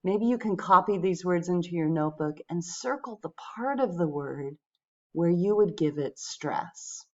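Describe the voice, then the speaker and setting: A woman teaching English pronunciation, speaking patiently and clearly to her viewers. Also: on the low side, expressive, moderate pace, dark tone, dull audio. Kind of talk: pronunciation lesson.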